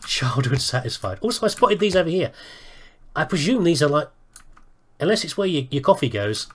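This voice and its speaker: A man's voice: mid-range voice, slight background noise. A man giving casual let's-play commentary, rambling and thinking aloud with self-mocking asides. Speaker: gaming video host.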